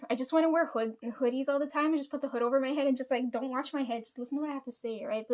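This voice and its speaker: A woman vlogger chats straight to camera in a loose, rambling way. Her voice sits a little on the high side. She swears freely and laughs between her thoughts. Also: fast, a little mellow. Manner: rambling, frequent swearing, chatty asides. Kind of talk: casual storytelling to camera.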